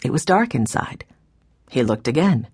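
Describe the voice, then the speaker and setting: Low, lively woman narrating a kids' book. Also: normal speed. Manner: clear, expressive storytelling. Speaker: audiobook narrator. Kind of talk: children's audiobook narration.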